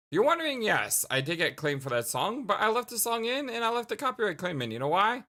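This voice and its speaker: Giggly, lively let's play host. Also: male voice, high voice, quick pace, few pauses. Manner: giggly, laughs often. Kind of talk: game let's play commentary.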